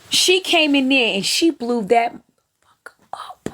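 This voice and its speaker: At a measured pace, a woman whose voice sits high hosts a live stream and gleefully gossips about other streamers. She sounds animated, with drawling Southern Black vernacular phrasing.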